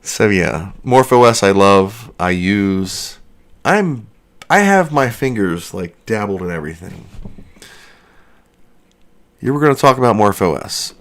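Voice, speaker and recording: A man's voice: on the low side, very animated, unhurried, pauses often. A man hosting a casual livestream from his basement studio, rambling and joking as he answers chat questions. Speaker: livestream host.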